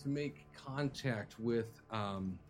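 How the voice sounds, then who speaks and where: Acting as game master for a tabletop game, a man narrates with animation at a medium pitch, though his delivery turns halting and filler-heavy whenever he improvises. Soft music plays in the background.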